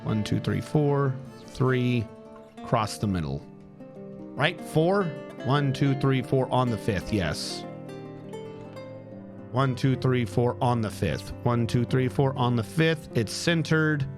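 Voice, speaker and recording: A man's voice: medium pitch, expressive, slow pace, pauses often, over music. A man streaming a building game, muttering and counting tiles aloud while getting frustrated. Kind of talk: live gameplay commentary.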